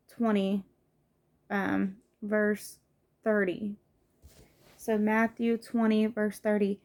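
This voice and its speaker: A woman's voice: medium pitch, darkish tone. A woman who has children, giving an informal, earnest home devotional as a lay preacher, talking casually with fillers and restarts. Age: adult with children.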